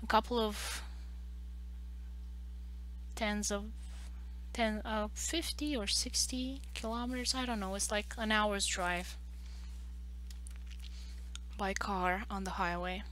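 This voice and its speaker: A woman's voice: medium pitch, steady tone, takes it slowly, long pauses, fairly bright tone, a little hiss or hum. A young woman from Romania, chatting casually and rambling with lots of fillers while she draws on a live stream. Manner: rambling, loose, full of "like" fillers and restarts. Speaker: artist streaming a live drawing session. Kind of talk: casual chat while drawing.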